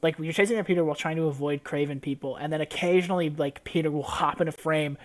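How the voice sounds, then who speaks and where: A man's voice: a little high, fairly even intonation, fast. A young man, a podcast co-host, chatting casually and animatedly, swearing freely as he recaps. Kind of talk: casual chat.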